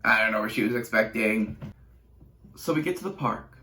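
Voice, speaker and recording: A man's voice: fairly low pitch, expressive, normal speed, bright, forceful tone, a little hiss or hum. A teenage boy YouTuber telling a casual storytime vlog with chatty, sarcastic asides and rambling restarts. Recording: roomy echo.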